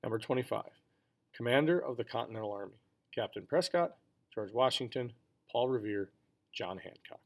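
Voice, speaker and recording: A man's voice: expressive, creaky. A man teacher reading a multiple-choice history test aloud, his voice falling at the end of each list of answers. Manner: measured, falls in pitch and volume at the end of each list of choices.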